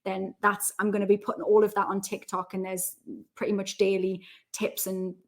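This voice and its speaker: A woman's voice: mid-range voice, little pitch movement, normal speed. A woman with a Geordie accent, a guest chatting casually in an interview, jokey and self-deprecating. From North East England. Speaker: podcast guest, self-development coach.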